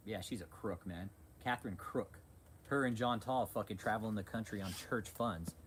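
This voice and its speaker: A man's voice: lowish voice, moderate pace, a bit bright, slight background noise, low-quality recording. A man hosting a livestream, ranting in a crude, heated, sarcastic way. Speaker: livestream host. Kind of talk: profane livestream rant.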